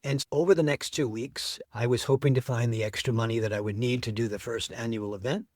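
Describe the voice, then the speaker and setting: A middle-aged man telling the story of how he built an event, as an interview guest, with lively enthusiasm. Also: medium pitch, fairly quick, no echo, clean studio sound.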